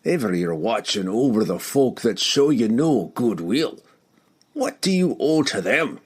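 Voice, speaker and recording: A man doing a gruff, growling old dwarf. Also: medium pitch, big pitch swings, unhurried. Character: gruff stubborn old male dwarf warrior. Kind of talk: audiobook character voicing.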